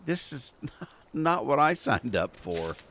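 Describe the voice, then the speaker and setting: A man's voice: mid-range voice, sing-song, slow pace, a bit bright, a little hiss or hum. A man giving casual gameplay commentary, full of joking and squeamish asides. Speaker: gameplay channel host.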